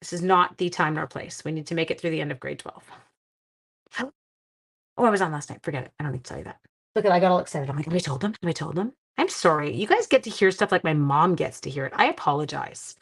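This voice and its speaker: A woman's voice: low voice, expressive, fast talker. Middle-aged woman, craft-class host, chatty and rambling, talks while working. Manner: chatty, rambling, digresses into family stories; talks to viewers while working with her hands. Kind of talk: live-streamed card-making demonstration.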